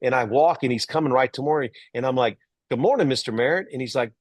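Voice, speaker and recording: Animated Texan storyteller, middle-aged man. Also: medium pitch, fast talker, no room sound. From Texas. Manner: animated storyteller, acts out quoted voices. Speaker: guest, entrepreneur and author. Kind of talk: storytelling interview.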